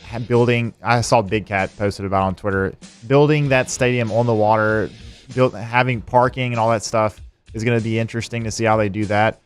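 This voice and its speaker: A man's voice: on the low side, smooth. A man co-hosting sports talk radio, hesitant and thinking aloud. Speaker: radio show co-host.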